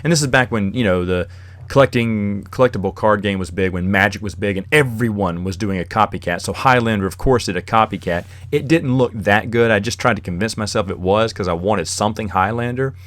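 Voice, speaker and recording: Low-voiced man rambling casually. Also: a little fast, a bit bright, no echo. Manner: rambling, chuckles while telling stories. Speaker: podcast host. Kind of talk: casual solo monologue.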